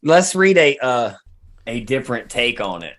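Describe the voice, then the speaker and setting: A man's voice: medium pitch, very animated, moderate pace, a bit bright. A man co-hosting a podcast, speaking bluntly and crudely in casual banter. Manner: blunt, crude, laid-back. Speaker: podcast co-host.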